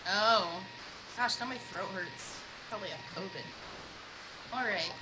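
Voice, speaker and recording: A woman's voice: mid-range voice, measured pace, noisy background. A woman leading a band rehearsal over a video call, in an upbeat, chatty, coaching way. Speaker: band director. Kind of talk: online rehearsal talk. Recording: music playing in the background.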